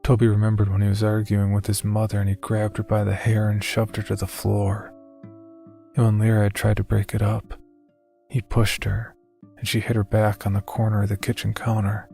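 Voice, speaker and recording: Male horror narrator, deep voice with vocal fry, dead-level delivery. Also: warm tone.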